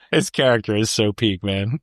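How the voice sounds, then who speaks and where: Young male podcast co-host, low voice, dry close mic, laughs a lot, very casual. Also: dry recording. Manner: laughs often, animated, quotes movie lines; says "like" and "dude" a lot. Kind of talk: casual movie chat.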